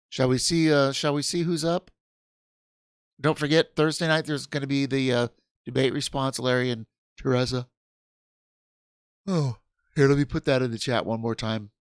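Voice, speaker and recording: A man's voice: mid-range voice, steady tone, normal speed, long pauses, smooth, no room sound, studio quality. A man hosting a casual livestream, rambling and restarting his sentences, tired and yawning. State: sleepy. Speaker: livestream host.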